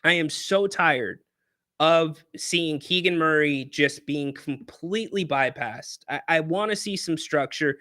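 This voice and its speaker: Guy hosting a sports pregame show, teasing his chat, kinda higher voice, dry close mic. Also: a little slow, no room sound. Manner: playful, teasing, animated banter with the chat. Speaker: sports podcast host. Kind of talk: casual pregame chat with callers and chat. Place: hotel room, on location.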